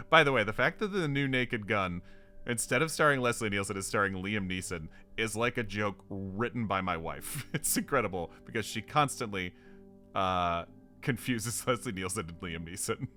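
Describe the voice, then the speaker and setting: A man with a low, bright voice plays through a solo tabletop adventure. He narrates and mutters rambling asides to himself. Faint music runs underneath. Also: moderate pace. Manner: chatty, rambling self-talk with asides and chuckles. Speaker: solo tabletop game player.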